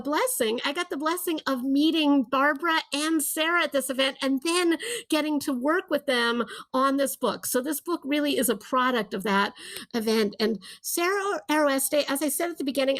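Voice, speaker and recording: A woman with a high, bright-toned voice gushes as she introduces a fellow writer at a book launch. She talks in quick bursts and keeps restarting her sentences. Her voice sounds close and dry, with no room around it. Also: no room sound, poor audio. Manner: enthusiastic, restarts often. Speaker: co-author introducing a guest. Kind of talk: casual online event talk.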